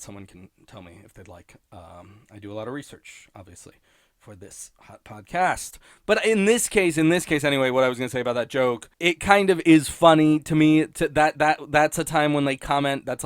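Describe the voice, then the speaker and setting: A man's voice: mid-range voice, dry recording. Solo podcast host, man, mid-range voice, dry close sound, rambling and wry, restarts a lot. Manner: rambling, self-interrupting, wry, laughs at own points. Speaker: podcast host reviewing episodes. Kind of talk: casual solo commentary.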